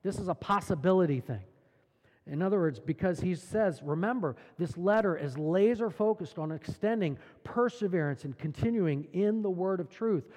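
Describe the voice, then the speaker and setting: A man's voice: high-pitched, animated, normal speed, darkish tone, big-room sound. A man preaching a sermon as pastor, earnest and emphatic, asking the congregation rhetorical questions.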